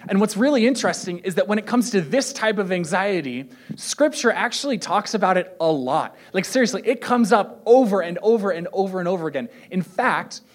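A man preaching a sermon in a relaxed, conversational way, cracking jokes and acting out quoted voices. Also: high voice, brisk, few pauses. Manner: joking, self-deprecating asides. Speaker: pastor.

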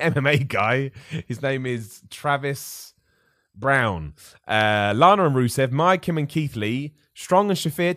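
A man's voice: a little high, fairly bright tone, dry recording, clean studio sound. A man from England, hosting a casual live podcast and answering viewer questions in an upbeat, chatty way. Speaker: podcast host. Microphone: studio microphone.

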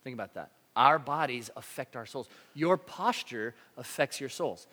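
A man preaching a sermon to a congregation, telling a story with animated energy and acting out his own shouts. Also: mid-range voice, moderate pace. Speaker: pastor. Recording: long hall reverb.

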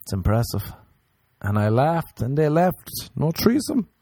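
A man hosting a podcast, telling crude stories in a casual, joking way and mimicking other people in higher voices. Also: lively intonation, a little slow, dark tone, no room sound. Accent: non-local, remarked on by others. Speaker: podcast host. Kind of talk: casual storytelling chat.

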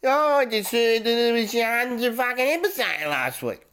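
A woman's voice: fairly high pitch, sing-song, normal speed, fairly bright tone, smooth. A woman voicing a rowdy, boozy Australian country bloke who swears and laughs as he leaves a voicemail. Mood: rowdy teasing. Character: rowdy middle-aged male country bloke. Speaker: voicemail caller.

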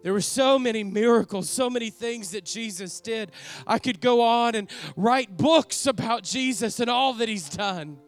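Over soft background music, a man with a very high voice performs a dramatic first-person monologue at a moderate pace. He plays an earnest older apostle, a former fisherman struck with awe, speaking reverently and emotionally and lingering on sighed exclamations.

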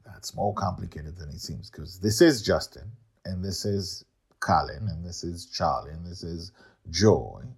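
A man's voice: low voice, measured pace, gravelly, breathy edge. A man reading his serialized story aloud, breaking off for chatty asides full of uhs. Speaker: storyteller and podcast host.

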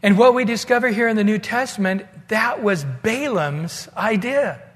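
A man's voice: high voice, expressive, normal speed. A man preaching a sermon, retelling a story casually and acting out the dialogue, with long hall reverb.

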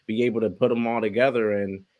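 A man's voice: medium pitch, fairly even intonation, fast, narrow, tinny audio. Laid back guy on a sports podcast, agrees a lot, says he could be wrong. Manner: easygoing, agreeable, hedges his claims. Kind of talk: casual sports chat.

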